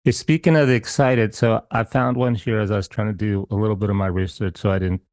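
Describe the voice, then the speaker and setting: A man's voice: on the low side, fairly even intonation, fairly quick, darkish tone, no echo, studio quality. A man hosting a podcast interview, playful and curious, asking many questions. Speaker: podcast host. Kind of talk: casual interview chat.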